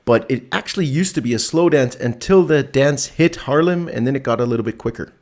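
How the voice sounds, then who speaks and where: A man's voice: mid-range voice, fairly quick, a little mellow. A man co-hosting a live stream, upbeat, reading out viewer comments and laughing easily. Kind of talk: casual live-stream chat.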